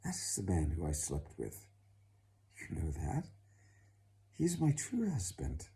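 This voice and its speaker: A man's voice: sits low, wildly swooping pitch, a little slow, dark tone, exaggerated voice. A man voicing an insistent, indignant young noblewoman in a told story.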